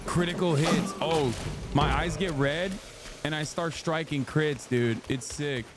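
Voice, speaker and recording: Guy in his 30s streaming a game, jokey casual chatter, music loud behind him. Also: fairly high pitch, fairly even intonation, a little slow. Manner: joking, talks to chat. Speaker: streamer host. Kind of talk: casual gameplay commentary.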